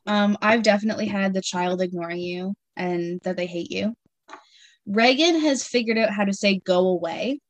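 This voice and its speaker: Woman, 30s, casual co-host, animated storyteller who acts out her kids; dry close mic. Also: mid-range voice, moderate pace, no room sound. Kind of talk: casual chat.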